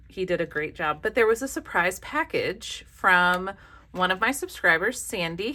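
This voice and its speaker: A woman's voice: fairly low pitch, lively intonation, unhurried, sharp tone. A woman from the South, hosting a casual crafting vlog in a chatty, gushing, self-deprecating way. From American South. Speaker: craft channel host.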